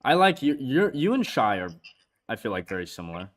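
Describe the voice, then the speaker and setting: A man hosting a casual trading stream, excitable, swearing freely and laughing often. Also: mid-range voice, a little fast. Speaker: stream host.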